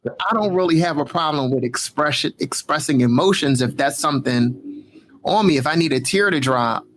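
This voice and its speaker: A man chatting easily on a podcast with a wry, relaxed manner. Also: a little high, normal speed, a little hiss or hum. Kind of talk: casual chat.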